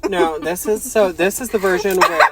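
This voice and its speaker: A woman's voice: lowish voice, moderate pace, very noisy. A woman co-hosting a podcast, chatting crudely and animatedly and laughing easily. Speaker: podcast co-host. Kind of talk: casual comedic chat.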